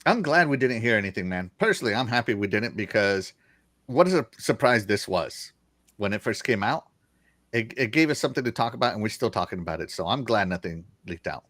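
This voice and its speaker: A man's voice: lowish voice, lively intonation, brisk, a bit bright, no echo, studio quality. A man with a Southern American accent hosting a casual livestream, reading chat comments aloud and laughing often. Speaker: show host reading chat.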